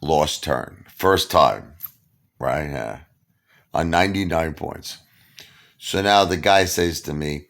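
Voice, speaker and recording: A man's voice: a bass voice, takes it slowly, vocal fry, pauses often. A man from Brooklyn, telling a casual anecdote to camera and acting out the dialogue himself. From Brooklyn, New York. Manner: animated, acts out the dialogue himself. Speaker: storyteller.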